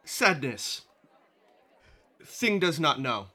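A man's voice: a little high, big pitch swings, drawn-out words, bright, forceful tone, some chatter behind, full character voice. A man voicing a blunt male carnival construct who speaks of himself in the third person in short, terse statements. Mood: flat.

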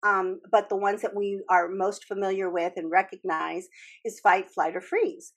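A woman's voice: medium pitch, fairly even intonation, normal speed, breathy edge. A woman hosting a casual talk, explaining earnestly with frequent restarts and the odd swear word. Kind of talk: casual podcast chat about trauma healing.

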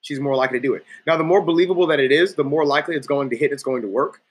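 A man's voice: fairly high pitch, racing, husky. A man giving a profane, emphatic coaching talk, acting out quoted people in different voices. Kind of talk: coaching talk with acted-out anecdotes.

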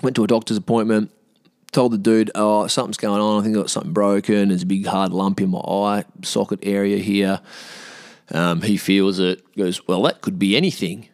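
Animated man telling a story. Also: normal speed, dry recording, clean studio sound. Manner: animated, swears, acts out quoted voices higher. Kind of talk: casual storytelling.

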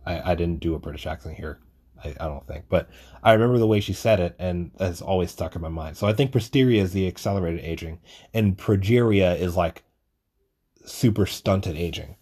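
A man's voice: low voice, darkish tone, breathy edge. A young man rambling through a casual solo monologue, swearing often and joking at his own expense. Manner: rambling, swears a lot, self-deprecating. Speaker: podcast host.

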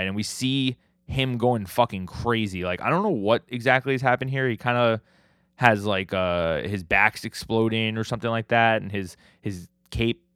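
A man's voice: lowish voice, fairly bright tone, smooth, no echo, studio quality. A man hosting a podcast, recapping comic chapters in a casual, rambling way, full of "like" and casual swearing. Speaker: podcast host.

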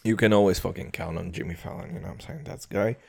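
A young man from Kazakhstan rants casually and heatedly through a story, talking fast in a deep, husky voice with vocal fry. He swears constantly, calls everyone dude, and stays animated, laughing at his own tale.

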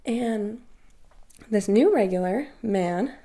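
A woman's voice: medium pitch, lively intonation, takes it slowly, warm tone. A young adult woman co-hosting a podcast, telling a story in casual chat, full of "like" and acted-out quotes. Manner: chatty, heavy use of "like", acts out quoted dialogue. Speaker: podcast co-host.

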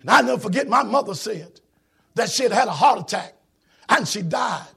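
High raspy preacher guy, gravelly, shouting in a singsong way at church. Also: animated, fairly quick. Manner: shouting, sing-song preaching cadence. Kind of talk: sermon.

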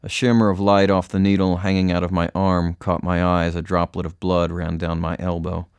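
A man reading a first-person story aloud in an even, measured way, recorded close to the mic. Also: sits low, smooth, dry recording, highs cut off. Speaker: audiobook narrator. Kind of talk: scripted first-person narration.

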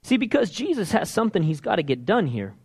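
A man's voice: high-pitched, very animated, quick pace, vocal fry, darkish tone, slightly rough. A man preaching a sermon, telling a story with energy and acting out the characters' voices. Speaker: pastor.

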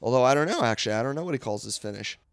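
A man's voice: mid-range voice, lively intonation, very fast, no echo. A man chatting casually and easily while watching, in a laid-back way. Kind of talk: casual chat watching wrestling.

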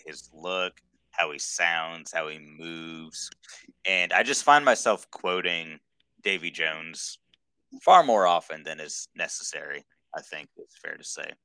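Male podcast co-host, deep bright voice, casual rambling fan talk. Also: dry recording. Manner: enthusiastic, rambling with many fillers. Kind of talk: casual chat.

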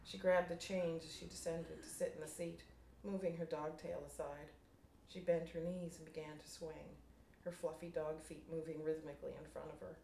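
A woman reading her own fiction aloud to a writers' group, measured and unhurried. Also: deep voice, level tone, vocal fry, a little mellow. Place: room at a writers' group meeting. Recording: roomy room, distant mic, faint noise.

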